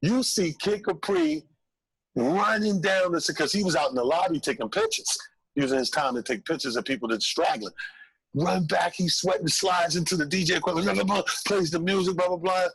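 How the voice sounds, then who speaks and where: A man, a comedian telling an animated story on a call-in show, acting out voices. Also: high voice, normal speed, creaky, slightly rough, dry recording, poor audio. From Brooklyn, New York. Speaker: comedian guest.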